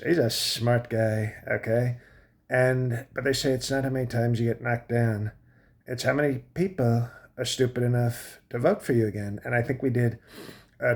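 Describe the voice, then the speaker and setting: A man's voice: medium pitch, natural voice. A man playing a boastful older male president in his late seventies, who rambles, trails off and restarts his sentences in a comic monologue.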